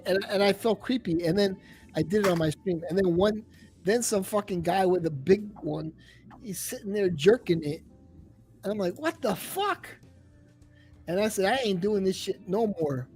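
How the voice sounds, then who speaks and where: A man hosting a livestream in casual chat, rambling and swearing as he tells stories. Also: high voice. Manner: profane, rambling, animated storytelling. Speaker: livestream host.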